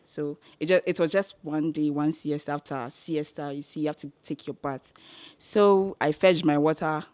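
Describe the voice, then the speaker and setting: A woman's voice: sits low, fairly even intonation, normal speed, darkish tone, dry recording. A young woman co-hosting a podcast, chatting in a playful, joking manner. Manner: playful, joking, laughs mid-sentence. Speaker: podcast co-host. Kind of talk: casual chat.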